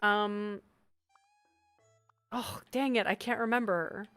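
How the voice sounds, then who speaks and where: Canadian girl streaming and chatting w chat, middle pitch, dry close mic, quiet music behind. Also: slow pace, no room sound. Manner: chatty, reads chat aloud and reacts with sudden bright exclamations. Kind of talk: casual live-stream chat.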